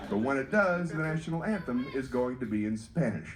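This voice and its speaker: Animated stand-up comedian from North Carolina. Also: male voice, medium pitch, a little fast, a crowd in the background. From North Carolina, USA. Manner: animated, teasing audience banter. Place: cruise ship theater.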